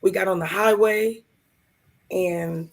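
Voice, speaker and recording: A woman co-hosting a live show, telling a heartfelt personal story in a gravelly, hoarse voice and acting out the other people in it. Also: lowish voice, fairly even intonation, a little slow. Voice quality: gravelly, hoarse from vocal cord lesions. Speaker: podcast co-host.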